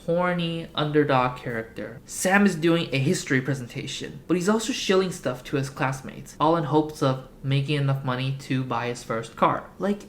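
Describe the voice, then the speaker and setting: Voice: mid-range voice, moderate pace, hardly any pauses. A YouTube video essayist narrating a film recap in a sarcastic, ironic comedy style.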